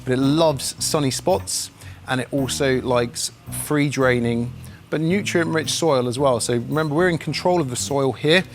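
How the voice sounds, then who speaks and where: An eager man offers gardening tips outside at a normal speaking speed, his voice in the middle range. He keeps things casual and talkative with playful asides, all over a background music bed.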